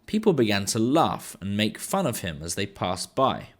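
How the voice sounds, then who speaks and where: A man, an English teacher, reading a children's book aloud in an expressive storytelling manner. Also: on the low side, normal speed.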